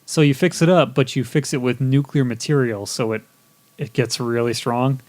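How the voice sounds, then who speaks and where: A man's voice: mid-range voice, normal speed, no echo. Playful podcast co-host man. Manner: playful, laughs a lot, animated storytelling. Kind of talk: casual podcast chat.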